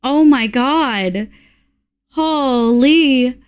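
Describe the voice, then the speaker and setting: High-pitched, unhurried Australian streamer woman. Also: smooth. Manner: excitable, swearing, laughing, thanking viewers. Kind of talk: casual live-stream chat.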